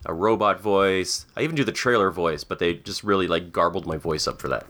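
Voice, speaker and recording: Man, podcast co-host, low bright animated voice. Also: fairly quick, slight background noise. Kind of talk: casual chat.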